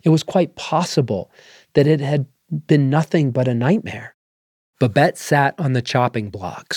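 Measured male storyteller, dry sound. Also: medium pitch, dry recording. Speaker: story reader. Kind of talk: scripted narration.

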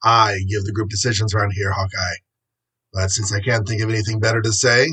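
A man reading aloud voices a stern male superhero who leads the team with firm, rallying words, in a husky voice. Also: lowish voice, level tone, a little fast, pushed and bright.

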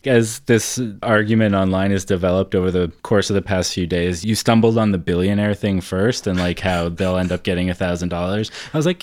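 A man in a casual political discussion, measured and conversational, with frequent fillers. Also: sits low, fairly even intonation, a little mellow, dry recording, clean studio sound.

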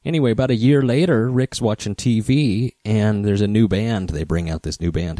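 A man hosting a podcast, telling a story in a relaxed, rambling way with many fillers. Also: on the low side, moderate pace, few pauses, no echo. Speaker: podcast host, guitar repair specialist. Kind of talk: casual storytelling.

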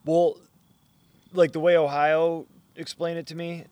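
A man's voice: fairly high pitch, flat delivery, a little slow, a little mellow, clean tone, dry recording. A man chatting casually as a hunting companion, laughing easily as he talks. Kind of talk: casual chat.

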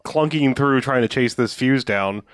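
A man retelling a movie scene by scene, slipping into the characters' voices as he goes. His pitch sits in the middle range. The recording is dry and close. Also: moderate pace, dry recording. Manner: animated storytelling, acts out characters' lines. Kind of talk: casual movie recap chat.

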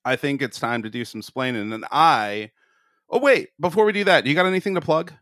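A man's voice: on the high side, fairly quick, a bit bright, no echo. Man, podcast co-host, casual rambling chat, tipsy, laughs a lot, dry close sound. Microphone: studio mic.

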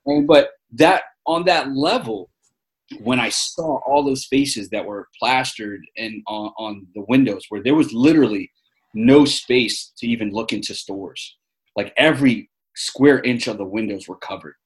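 Speaking a little slowly at a medium pitch, this New Yorker in his forties is an interview guest sharing stories casually. He comes across as earnest and rambling, full of fillers and restarts.

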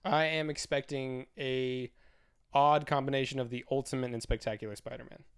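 Smooth-voiced man chatting about movies. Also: mid-range voice, steady tone, normal speed. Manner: rambling, filler-heavy, self-correcting. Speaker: co-host. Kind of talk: casual movie chat.

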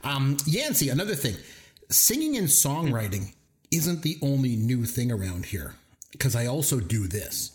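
A man's voice: medium pitch, big pitch swings, moderate pace, darkish tone. A middle-aged man co-hosting a casual show, joking around and telling dad jokes. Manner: jokey, playful, tells dad jokes. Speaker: podcast co-host. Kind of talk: casual chat.

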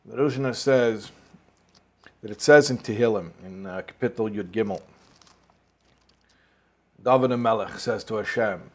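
A man's voice: on the low side, measured pace, long pauses. A man teaching a Torah class as a rabbi, telling a story and explaining it, with Hebrew and Yiddish words mixed in and rising emphasis.

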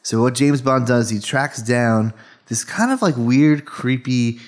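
A man's voice: mid-range voice, animated, a little slow. A man co-hosting a podcast, chatting casually in a loose, rambling way full of fillers. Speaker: podcast co-host. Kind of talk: casual chat.

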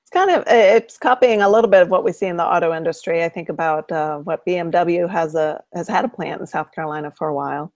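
A woman's voice: fairly low pitch, fast talker, a little mellow, no echo. A woman co-hosting a show, casually recapping news stories and chatting. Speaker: co-host of an appliance repair show. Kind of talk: casual chat.

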